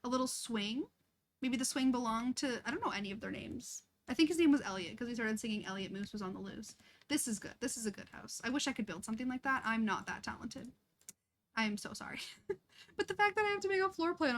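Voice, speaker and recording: A woman's voice: a little high, animated, fast talker, a little hiss or hum. Giggly woman streaming a life-sim game. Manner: chatty, giggly and self-deprecating. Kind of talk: casual live-stream chat while playing.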